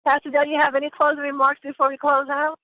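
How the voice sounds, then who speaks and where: A woman's voice: sits high, monotone, very fast, sharp tone, dry recording. A woman hosting a conference call in an upbeat, affectionate way, calling her listeners family. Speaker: host. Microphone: phone. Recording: dull dry phone line.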